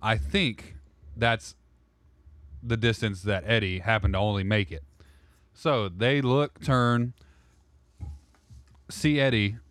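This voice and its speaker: A man's voice: fairly low pitch, takes it slowly, pauses often, a bit bright, dry recording. A man narrating a role-play podcast as game master, loose and rambling, correcting himself as he goes.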